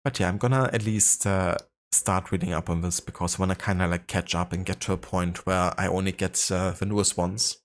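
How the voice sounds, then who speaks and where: Low-voiced man streaming a game. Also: steady tone, brisk, few pauses. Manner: rambling, many fillers, reads codex entries aloud. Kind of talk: casual livestream chat and reading aloud.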